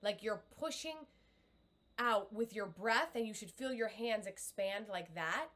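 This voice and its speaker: A woman's voice: medium pitch, unhurried, a bit bright. Middle-aged woman, coach leading a live webcam lesson, upbeat and encouraging. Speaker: communication coach.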